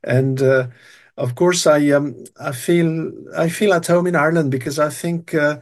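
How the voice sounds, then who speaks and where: A man's voice: fairly high pitch, fairly even intonation, measured pace. A retired man in his sixties from Brittany with a French accent, speaking as an interview guest in a hesitant way with many fillers and restarts. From Brittany, France. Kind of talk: casual interview chat.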